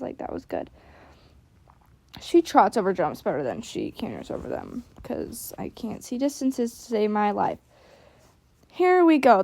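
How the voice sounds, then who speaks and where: A young woman talks through her own footage in a loose, chatty voice-over, sprinkling "like" everywhere and being hard on herself. Her voice sits a little high. The sound is dry and close, with no room around it. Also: darkish tone, no room sound. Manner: chatty and self-critical, with many "like" fillers. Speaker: equestrian vlogger. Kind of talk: casual voice-over commentary.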